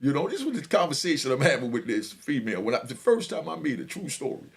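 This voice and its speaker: Middle-aged man, gravelly and lively storyteller, swaggering, laughs a lot. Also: medium pitch, quick pace. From New York. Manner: animated, swaggering, laughs often, fills with "you know what I mean". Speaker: storyteller sharing prison stories. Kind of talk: casual storytelling.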